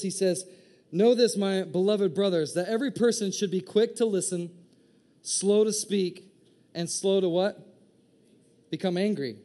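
A pastor delivers a lively, joking sermon, dropping into quick impressions of members of his congregation. His voice is high for a man and climbs even higher when he gets excited.

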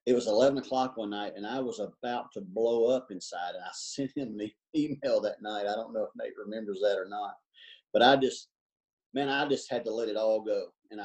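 A man sharing his story in a recovery support meeting, earnest and halting. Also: fairly low pitch, darkish tone, poor audio. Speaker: support group member.

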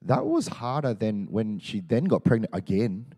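A middle-aged Australian man preaching a sermon, telling stories in a joking, animated way. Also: lowish voice, normal speed, breathy edge. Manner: animated, joking storytelling with laughs. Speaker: pastor.

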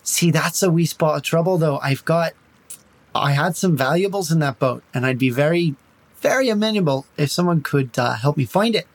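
A man voicing a smooth-talking male elf bard with an Irish accent, lilting and evasive, in a tabletop game. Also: moderate pace, no echo. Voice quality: lilting, wheedling, pitch rising when pressed. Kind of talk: tabletop role-play in character.

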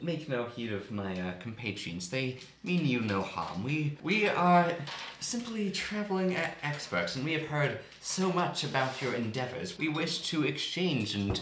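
A man's voice: mid-range voice, big pitch swings, a little slow, a bit bright. A man player in a tabletop game, speaking in character in a formal, grandiloquent way. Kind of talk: tabletop role-play, in character. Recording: roomy echo, faint noise.

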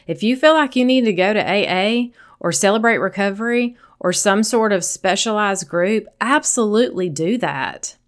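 A woman's voice: mid-range voice, moderate pace, few pauses. A woman with a Southern accent hosting a solo podcast, speaking earnestly and encouragingly straight to her listeners. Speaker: podcast host.

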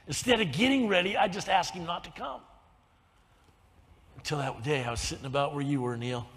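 A man with a high-pitched voice preaches from the front of a church, sharing his own testimony. He drops to hushed, breathy confessions, then lifts into loud, soaring exhortation. The long reverb of the sanctuary trails every phrase. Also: very animated, normal speed, a little hiss or hum. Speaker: pastor. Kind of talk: sermon with personal testimony.

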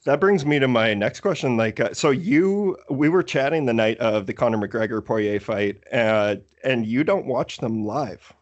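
A man hosting a podcast, asking questions in a relaxed, agreeable way. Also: medium pitch, normal speed, hardly any pauses, dull audio. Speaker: podcast host. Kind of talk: casual podcast chat.

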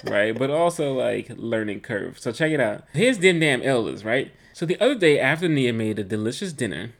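Gravelly and mid-range, this man's voice moves at a moderate pace as he co-hosts a laid-back podcast. His stories come alive as he imitates everyone he quotes.

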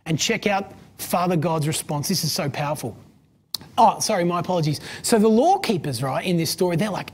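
A woman preaching a sermon in an easy, conversational way, with plenty of fillers and questions put to her listeners. Her voice is husky and breathy. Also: lowish voice, expressive, fairly quick, a little mellow.

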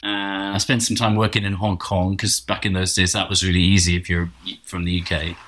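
A man's voice: low-pitched, flat delivery, a little fast, a bit bright. A middle-aged man from England with a posh English accent, telling long, wry anecdotes in a casual chat, full of restarts. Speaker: guest.

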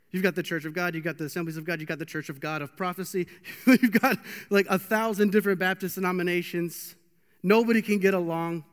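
A young man preaching a casual, joking sermon with lots of restarts, in a church hall. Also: sits high. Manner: animated, joking, with many restarts. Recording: long hall reverb.

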